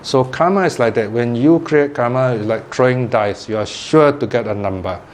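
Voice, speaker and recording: Man telling a lively dharma story. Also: mid-range voice, normal speed, slight background noise. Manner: animated storytelling, laughs often. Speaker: Buddhist teacher. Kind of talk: dharma talk.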